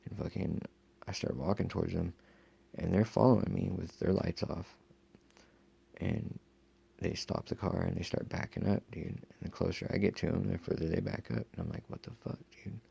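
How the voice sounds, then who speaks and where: Gravelly deep-voiced man, rambling and profane. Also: lively intonation, moderate pace, dark tone. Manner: rambling, profane, lots of fillers. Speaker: storyteller. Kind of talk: casual first-person account.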